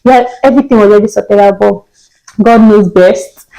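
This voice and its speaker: Young nigerian woman vlogging about a trip, animated, acts out the convos, mellow warm voice. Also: mid-range voice, normal speed, creaky, rough recording. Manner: animated, acts out quoted dialogue with laughs. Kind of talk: casual storytelling vlog.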